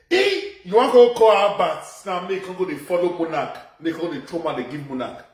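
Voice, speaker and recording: A man with a Nigerian Pidgin accent rants in a loud, animated commentary with a high-pitched voice. He sits back from the mic in an echoey room, so his voice bounces around him. He repeats phrases as he drives his points home. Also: recorded from a distance. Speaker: social media commentator. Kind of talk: ranting live video commentary.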